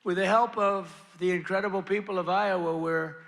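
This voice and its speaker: A man's voice: sits high, fairly even intonation, normal speed, a bit bright. Older man giving a boastful rally speech. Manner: boastful, repetitive, rambling asides. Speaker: political speaker at a rally. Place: rally venue with crowd. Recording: rally sound with crowd noise.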